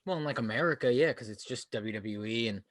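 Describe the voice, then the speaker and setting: A man's voice: mid-range voice, quick pace, fairly bright tone, no echo, clean studio sound. A man co-hosting a podcast in casual chat, laid-back and teasing, laughing often. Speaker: podcast co-host.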